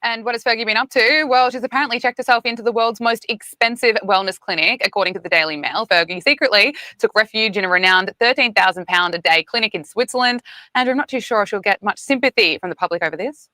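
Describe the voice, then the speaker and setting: A woman's voice: fairly high pitch, quick pace, bright, forceful tone, dry recording. A woman presenting a news interview, putting pointed questions to her guest.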